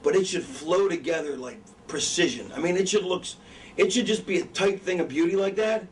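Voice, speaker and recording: Fairly quick and high-pitched, this middle-aged man coaches wrestling with casual profanity and rambling asides, often forgetting where he was going. The recording has a distant mic and faint background noise.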